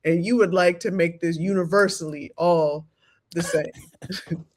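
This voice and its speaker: Unhurried female podcast co-host. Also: on the low side, steady tone. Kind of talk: casual podcast chat.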